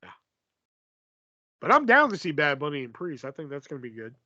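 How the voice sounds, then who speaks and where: A man hosting a casual podcast who talks in a lively, swearing, joking way. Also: on the high side, brisk, dry recording, highs cut off. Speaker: podcast host. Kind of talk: casual chat.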